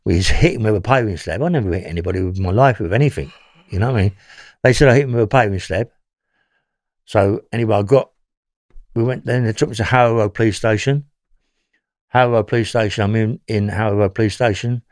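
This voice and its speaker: A man's voice: lowish voice, quick pace, darkish tone, no echo, clean studio sound. A man with a London accent telling his story as an interview guest, rambling and often checking in with "yeah?".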